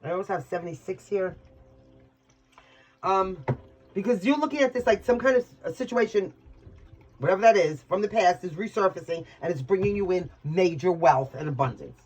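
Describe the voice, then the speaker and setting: A high-pitched man with a New York accent reads tarot in a loose, rambling monologue. He swears casually and gets openly emotional as he talks. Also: moderate pace, breathy edge, rough recording. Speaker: tarot reader.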